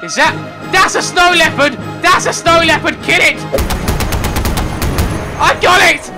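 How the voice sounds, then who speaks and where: A young man giving excitable let's-play commentary, yelping and shouting whenever something surprises him. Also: very high-pitched, a little slow, music in the background. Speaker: gaming commentator.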